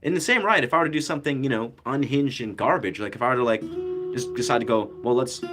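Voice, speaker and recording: A man's voice: medium pitch, fast talker, a bit bright, faint music behind. Rambling laid-back young male musician. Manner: rambling, loose, slangy, many fillers. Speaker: musician and content creator. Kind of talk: casual talk to camera about music.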